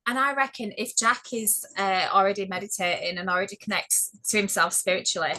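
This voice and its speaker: A woman's voice: mid-range voice, steady tone, brisk, low-quality recording. A woman hosting a casual chat, speaking affectionately about spiritual matters. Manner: warm-spoken, affectionate, spiritual talk. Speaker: host.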